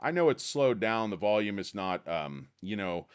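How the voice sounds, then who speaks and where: A man's voice: fairly low pitch, very animated, normal speed, clear, resonant tone. A man hosting a casual stock market live stream from his office, rambling and irreverent with crude jokes.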